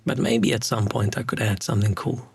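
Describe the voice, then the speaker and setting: A man's voice: fairly low pitch, steady tone, fairly quick, vocal fry, darkish tone, husky, no room sound. A South African man, native Afrikaans speaker, chatting casually on a game stream and rambling as he thinks aloud. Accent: South African English.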